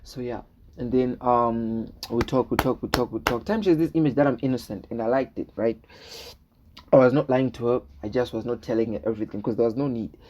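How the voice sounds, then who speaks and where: A man's voice: medium pitch, steady tone, a little fast, a little mellow, a little hiss or hum. Young man rambling through a story. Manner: rambling, repeats words, checks in with "right?"; acts out dialogue in his retelling. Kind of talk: casual storytime vlog.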